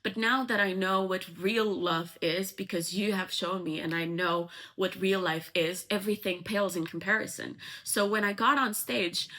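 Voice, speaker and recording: A woman voicing a young, lovestruck actress who pleads in a high, breathless, impassioned way. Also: steady tone, moderate pace, hardly any pauses, pushed and bright.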